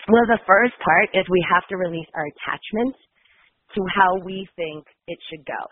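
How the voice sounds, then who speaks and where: A woman's voice: fairly low pitch, moderate pace, background noise. A woman with a nasal, congested voice from a cold, talking earnestly and reflectively as a guest. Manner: flowing, earnest, with many um's. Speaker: guest, healer. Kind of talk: reflective conversational talk. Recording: phone-like call audio.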